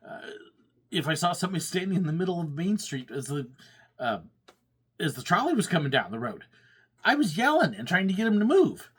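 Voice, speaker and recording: Man, husky voice, lively swooping pitch, casual storytelling, laughs a lot. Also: brisk. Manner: chatty, laughs often, acts out quoted complaints. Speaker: former pastor and theme park worker.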